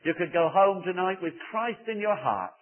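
Man, preacher, fervent pleading sermon, high voice, lo-fi phone-like recording. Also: lively intonation, moderate pace. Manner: fervent pleading, repeated appeals. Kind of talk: evangelistic sermon. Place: church service.

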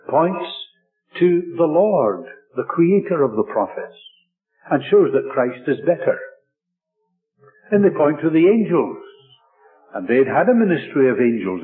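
A man preaching a sermon in a measured, emphatic way, stressing his points through repetition. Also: on the high side. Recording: tinny lo-fi radio broadcast with faint music.

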